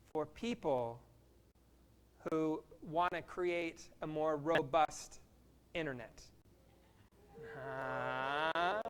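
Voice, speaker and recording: A workshop facilitator from Kansas, leading a live group icebreaker in an energetic, playful way and speaking slowly for the room. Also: mid-range voice, clean tone.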